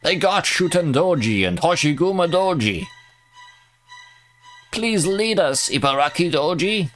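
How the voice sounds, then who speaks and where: A man voicing a band of brash, excitable oni underlings who cheer for battle. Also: on the high side, a little slow, pitched above the performer's own voice. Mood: rowdy. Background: faint background music.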